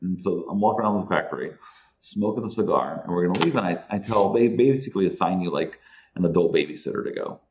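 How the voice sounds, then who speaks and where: A man's voice: low-pitched, fast talker, a little hiss or hum. A man guest on a podcast, telling a story casually with lots of swearing and laughter. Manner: animated, profane, laughing as he tells a story. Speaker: guest, entrepreneur.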